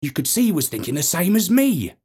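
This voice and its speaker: A man's voice: high voice, very animated, fairly quick, a little mellow, breathy edge. Man reading a playful storybook. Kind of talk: storybook narration.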